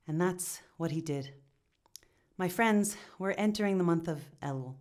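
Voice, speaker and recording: A woman storyteller narrating a folk tale in a lively, animated way. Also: lowish voice, a little slow. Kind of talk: oral storytelling.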